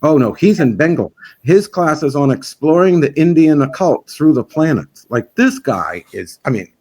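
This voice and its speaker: A man's voice: a little high, animated, normal speed, a little mellow, breathy edge. A man who organizes a festival, chatting in an interview in a rambling, frank and opinionated way. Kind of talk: casual interview chat.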